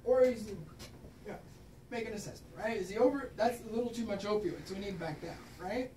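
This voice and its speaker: A woman's voice: mid-range voice, fairly quick, mellow, a little hiss or hum. A woman physician giving a casual, frank talk on pain care to clinicians, often tagging points with "right?". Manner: casual, frank, swears, tags lines with "right?". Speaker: physician lecturer. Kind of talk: informal medical talk to clinicians. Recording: echoey room from far off.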